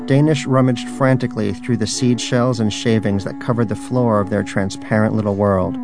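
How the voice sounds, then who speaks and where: A man reading a story aloud in a fairly low voice. His delivery is dry and wry. Soft music plays faintly behind him. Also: fairly even intonation, normal speed, few pauses. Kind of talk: scripted narration.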